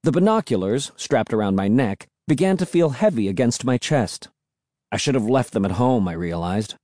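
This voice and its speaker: A man reading a first-person story aloud, with an expressive, animated delivery. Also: mid-range voice, normal speed, dry recording, studio quality. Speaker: audiobook narrator.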